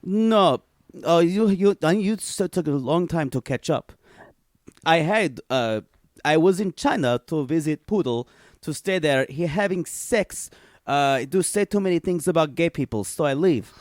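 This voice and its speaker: A bold, tireless Eastern European woman, put on by a man rattles off broken English with brash deadpan confidence. The voice swings a lot in pitch and sits fairly high. The sound is dry and close, with no room around it. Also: measured pace, no echo. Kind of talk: comic improvised character bit.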